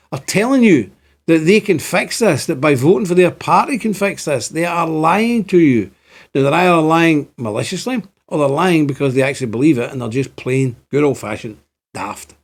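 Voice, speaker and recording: A man in his fifties with a Northern Irish accent tinged by Scotland, giving an impassioned, repetitive monologue to camera. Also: fairly high pitch. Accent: Ulster Scots-tinged Northern Irish. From Northern Ireland. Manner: impassioned, repetitive, rising to exclaim.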